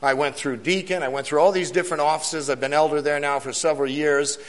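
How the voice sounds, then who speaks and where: A man with a fairly high voice delivers an earnest sermon testimony to his congregation. He repeats key lines for weight and asks the crowd questions. His voice rings out with a long reverb through a church hall. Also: fairly even intonation, fast. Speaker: church elder giving testimony.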